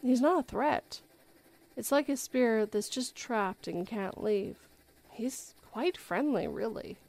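A woman hosting a livestream, reading a horror story aloud in a relaxed way and often correcting herself. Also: a little high, takes it slowly, gravelly. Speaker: story reader and livestream host.

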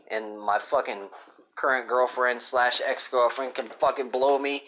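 With a measured pace, fairly even intonation and a medium, fairly bright voice, a male podcaster delivers a crude comedic ramble. Moody and constantly profane, he's recorded on a dull lo-fi phone app.

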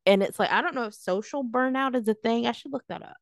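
A young woman co-hosting a podcast, talking casually in a rambling, animated way and acting out what people said. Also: fairly high pitch, quick pace, gravelly, dry recording, clean studio sound. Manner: rambling, animated, acts out quoted voices. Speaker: podcast co-host. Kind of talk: casual chat.

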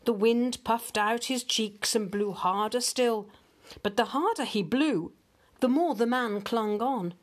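Brief: older grandma narrator reading a children's fable, unhurried and expressive. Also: female voice, a little high. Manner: gentle, expressive storytelling. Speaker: grandmother reading storybooks aloud. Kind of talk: storybook read-aloud narration.

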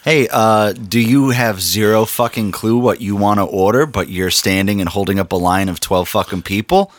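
A man's voice: fairly low pitch, normal speed, dry recording. A man in a casual chat, delivering blunt, sarcastic complaints full of swearing. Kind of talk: casual profane rant.

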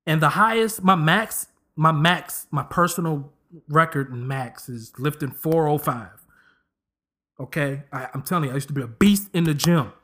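A man's voice: fairly high pitch, moderate pace. A man in his thirties hosting a podcast, giving a comedic casual monologue and slipping into voices as he jokes. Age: 30s. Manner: animated, joking, slips into voices. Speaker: podcast host.

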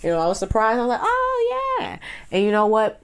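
A woman in her thirties ranting casually and profanely, swinging from loud outbursts to muttered asides. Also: medium pitch, very fast, smooth. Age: 30s. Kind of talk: casual rant to camera.

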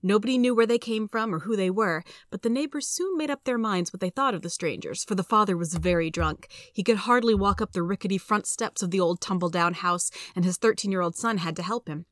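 A woman hosting a reading podcast, reading a story aloud in a steady, clear storytelling manner. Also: mid-range voice, a little fast, hardly any pauses, dry recording, studio quality. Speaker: host and reader.

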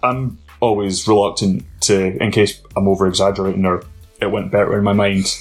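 A man, a wrestler, telling stories in a casual interview, laughing often and jumping up in pitch. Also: brisk, soft background music. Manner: animated storyteller, laughs often, voice jumps high. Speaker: wrestler guest.

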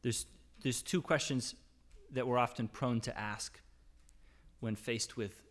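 A man's voice: fairly even intonation, slow. A man preaching a sermon, reading psalm verses aloud and calling out the anguished cries with a raised voice, then dropping back to an easy conversational tone that often checks in with "right?". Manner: reads scripture aloud and rises in pitch and volume when voicing anguished cries. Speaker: pastor.

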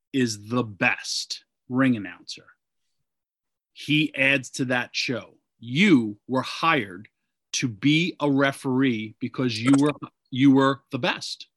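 A man's voice: medium pitch, fairly bright tone, no room sound, studio quality. A man who is a guest on a podcast, explaining things in an earnest way with sudden bursts of speed. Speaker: podcast guest, wrestling agent. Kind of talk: casual interview chat.

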